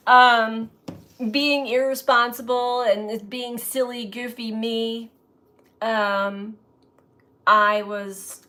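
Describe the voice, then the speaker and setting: A woman tarot reader reflecting aloud in a slow, musing way, often breaking into light laughter. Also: fairly high pitch, a bit bright. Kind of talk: spiritual reflection to camera.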